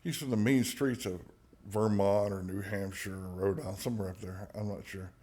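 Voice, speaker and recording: A man's voice: lowish voice, fairly even intonation, normal speed, mellow, slightly rough. A man speaks as a podcast guest, telling personal stories in a candid, conversational way. He is blunt and profane, slips jokes in, and often restarts his sentences as he goes. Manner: frank, profane, joking, many restarts.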